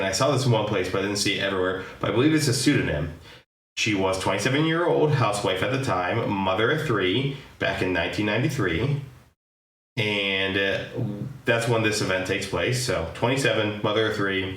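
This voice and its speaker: A man with a fairly low voice hosts a casual podcast. He tells the story in a chatty way, hedging and joking as he goes. The recording has an echoey room sound. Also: brisk, a bit bright. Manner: chatty storyteller, hedges and jokes. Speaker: podcast host. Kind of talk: casual chat.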